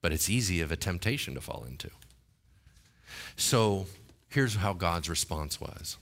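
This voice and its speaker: A man's voice: sing-song, unhurried, pauses often. A man preaching a sermon in a casual, conversational way, asking the congregation questions and acting out voices from the text. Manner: rises to loud, high-pitched exhortation.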